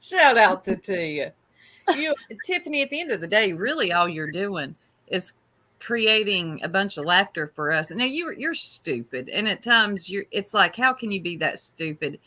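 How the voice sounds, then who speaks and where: A woman co-hosting a casual live stream, mocking and quick to laugh. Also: medium pitch, lively intonation, sharp tone. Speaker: co-host.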